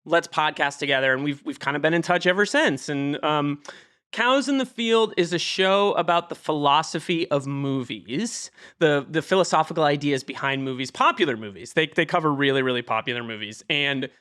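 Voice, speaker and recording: A man from Massachusetts co-hosting a podcast in casual chat, joking and rambling with quick asides. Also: on the high side, pushed and bright, clean tone. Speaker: podcast co-host.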